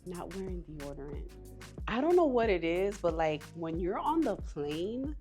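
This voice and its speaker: A woman's voice: lowish voice, sing-song, a little slow, warm tone, soft background music. A woman co-hosting a podcast, complaining in an exasperated, swearing, casual way. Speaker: podcast co-host. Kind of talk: casual group chat.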